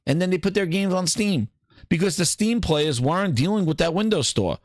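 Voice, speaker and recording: A man's voice: sits high, animated, brisk, no echo, clean studio sound. A man hosting a gaming podcast, ranting and ad-libbing with plenty of profanity. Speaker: host. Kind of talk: comedic gaming podcast rant.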